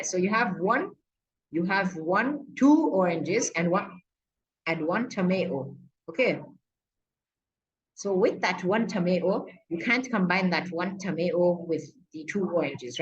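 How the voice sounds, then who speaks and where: In a screen-recorded math tutorial, a young female student keeps things chatty and playful, full of okays and asides as she regularly checks in with whoever's watching. Her voice has a fairly low pitch, and the audio's highs are cut off.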